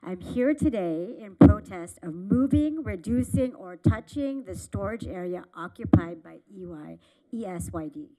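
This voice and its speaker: A middle-aged woman, a parent, giving a measured, earnest public comment at a city meeting from a podium microphone in a council chamber. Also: mid-range voice, expressive, mellow, low-quality recording.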